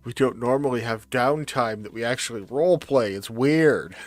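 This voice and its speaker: A man running a tabletop role-play game as game master, speaking in a relaxed, unhurried way. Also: mid-range voice.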